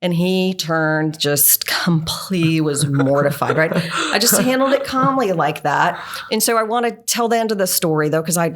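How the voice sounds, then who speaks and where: A middle-aged woman, an engineering leader, telling stories earnestly in an interview and often checking in with "right?". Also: low-pitched. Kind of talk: conversational storytelling.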